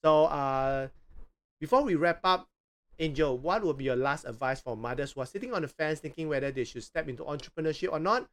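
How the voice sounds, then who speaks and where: Deliberate male interview show host. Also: on the high side, lively intonation. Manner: deliberate, repeats phrases slowly, hesitant fillers. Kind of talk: hosting a live interview show.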